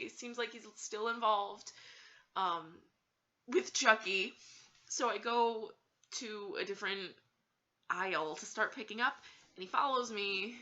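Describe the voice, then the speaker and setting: A woman's voice: fairly high pitch, bright, forceful tone, muffled recording. A woman telling a story in a casual vlog, giggly and hesitant, with plenty of fillers.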